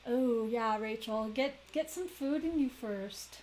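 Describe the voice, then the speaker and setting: A woman's voice: fairly high pitch, slow, a little mellow, slight background noise, rough recording. A woman chatting in a rambling, giggly way during a crafting live stream. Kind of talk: casual chat while weaving.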